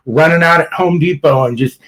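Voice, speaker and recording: A man's voice: fairly high pitch, fairly quick, a bit bright, rough recording. A man hosting a podcast in casual political chat, blunt and rambling, swearing freely and laughing at his own jokes. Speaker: podcast host.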